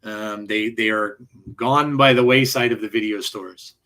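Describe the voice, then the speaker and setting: A man's voice: fairly low pitch, steady tone, unhurried, sharp tone. A man co-hosting a wrestling podcast, chatting casually and telling rambling stories with restarts and laughs. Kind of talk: casual chat.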